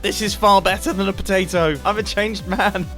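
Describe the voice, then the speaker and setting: A young man giving playful, excitable, self-mocking commentary on a Minecraft game from his desk at home. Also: high voice, moderate pace, soft background music. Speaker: Minecraft video creator. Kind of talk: casual gameplay commentary.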